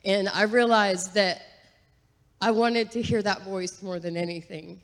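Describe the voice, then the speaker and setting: A woman sharing a personal testimony in a church, talking earnestly and chattily with fillers and soft laughs. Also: mid-range voice, steady tone, measured pace. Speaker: guest giving testimony. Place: church sanctuary. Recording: long reverb of a large hall.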